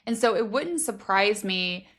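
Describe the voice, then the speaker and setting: Her medium-pitched voice is expressive, unhurried, and slightly bright. As a podcast co-host in a casual book discussion, she thinks aloud about theories on a fantasy novel, using "like" constantly.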